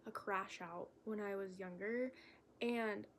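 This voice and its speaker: A young woman making a casual vlog, talking in a halting, candid way with lots of fillers and self-corrections. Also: mid-range voice, steady tone, soft background music. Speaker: vlogger. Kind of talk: rambling stream-of-consciousness vlog.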